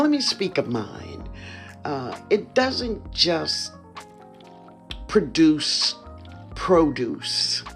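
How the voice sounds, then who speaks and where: A home gardener with a New Orleans accent, giving a casual, enthusiastic walk-through of their own backyard garden and often addressing viewers as "y'all.". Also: mid-range voice. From New Orleans, USA. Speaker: home gardener, channel host.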